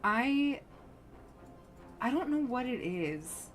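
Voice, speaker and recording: A woman streamer chatting casually while playing, rambling and animated, full of fillers as she tells a story. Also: fairly high pitch, extremely slow. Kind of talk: casual gameplay commentary.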